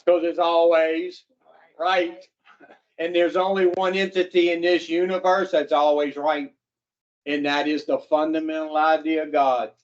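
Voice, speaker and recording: Slow, blunt man addressing a group. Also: on the high side, little pitch movement. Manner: blunt, profane, asks the group questions. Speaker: addiction recovery counselor. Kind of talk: classroom talk to a recovery group. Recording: dull lo-fi recording.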